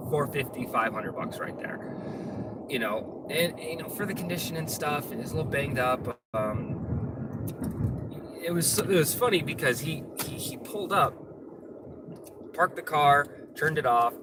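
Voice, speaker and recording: A man's voice: a little high, expressive, measured pace. A man chatting casually and profanely while driving, rambling and then ranting. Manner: rambling, profane, gets ranty. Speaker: vlogger. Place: inside a moving car. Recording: distant mic with loud road noise.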